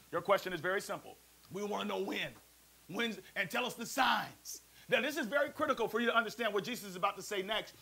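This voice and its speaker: A man preaching a sermon as pastor, lively and playful, calling on the congregation to answer back. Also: high-pitched, poor audio. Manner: preachy, call-and-response, playful asides. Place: church service also streamed to a prayer line.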